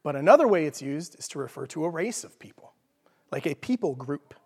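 A Texan man with a fairly high voice delivers an informal teaching sermon in a church. He talks casually and jokes, and often stops to ask "okay?". His voice rings with the long echo of a large hall. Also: sing-song, brisk, creaky, a little mellow, breathy edge. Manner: informal, jokey, checks in with "okay?". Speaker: preacher.

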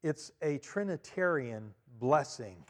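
A man preaching a sermon as pastor, emphatic, repeating key phrases and swinging between loud and quiet. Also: a little high, animated, takes it slowly. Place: church. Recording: long reverb of a church hall.

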